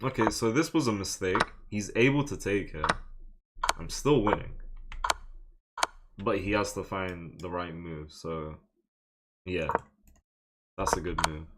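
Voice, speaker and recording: Young man streaming chess, low voice. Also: unhurried, pauses often, heavy background noise. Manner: muttering his moves, then bursts into loud frustrated exclamations. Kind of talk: live commentary while playing online chess.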